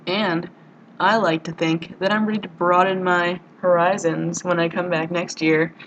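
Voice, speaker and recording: A woman's voice: fairly low pitch, flat delivery, moderate pace, muffled recording, background noise. A young woman in a casual vlog monologue, rambling and self-mocking, swearing freely and full of "like" and "you know". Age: young adult. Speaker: vlogger. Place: college dorm room.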